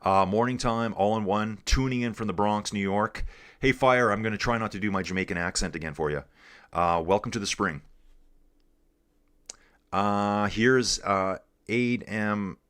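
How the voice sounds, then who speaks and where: A man's voice: fairly low pitch, moderate pace, fairly bright tone, clear, resonant tone. A man from Canada hosting a casual live cycling stream, reading viewer comments aloud and chatting in a laid-back way, calling everyone dude.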